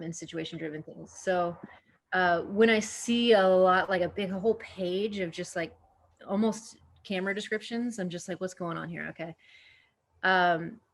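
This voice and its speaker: An actress answering interview questions in a casual, chatty way, with frequent fillers and restarts. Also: female voice, on the low side. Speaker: actor, podcast guest.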